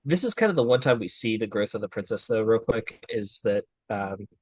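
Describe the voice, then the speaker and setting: A man's voice: fairly low pitch, lively intonation, a little fast, darkish tone, slightly rough, no room sound. A man co-hosting an anime review podcast, talking casually in a thoughtful, slightly hesitant way. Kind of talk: casual chat.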